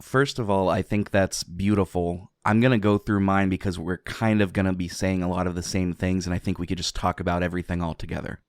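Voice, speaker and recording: A man's voice: low voice, fairly even intonation, fairly quick, few pauses, dry recording, clean studio sound. A man from southwestern Pennsylvania co-hosting a casual podcast, enthusiastic, laughing often and rambling into asides. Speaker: podcast co-host.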